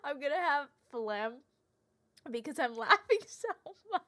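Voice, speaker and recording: A woman's voice: high-pitched, big pitch swings, a little slow, fairly bright tone. A woman streamer giving casual commentary on a game, laughing constantly and reacting with animation.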